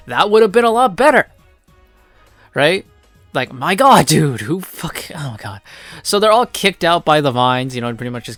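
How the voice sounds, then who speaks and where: A man's voice: a little high, very animated, moderate pace, fairly bright tone, dry recording, soft background music. A man giving a rambling, profane, casual recap of a comic, full of filler words. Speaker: comic reviewer.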